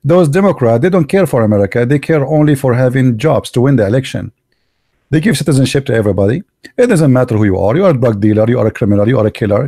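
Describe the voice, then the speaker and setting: An Arabic-accented man from the Arab world holds forth in a blunt, emphatic monologue, mocking the people he argues against. His voice is mellow and gravelly. The recording is dry and close. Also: mid-range voice, expressive, fast talker, no room sound. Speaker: online show host. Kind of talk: opinionated monologue.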